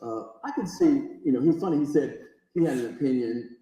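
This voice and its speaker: A man speaking as a comedian guest, calm and wry, calling the other man brother. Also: medium pitch, a little fast, very echoey, background noise. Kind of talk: casual panel talk.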